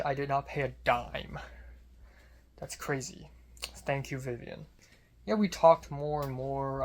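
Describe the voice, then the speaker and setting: A young adult student filmmaker telling a casual vlog story in a rambling way, full of fillers and restarts. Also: medium pitch.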